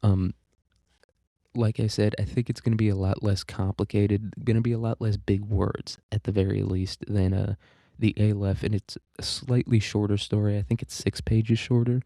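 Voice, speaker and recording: A man giving a casual literature lecture in a very dark, mellow voice that sits fairly low. He rambles, jokes crudely and swears freely. The sound is close and dry. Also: flat delivery, normal speed, creaky, no room sound. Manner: rambling, crude and joking, with profanity. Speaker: podcast host teaching literature.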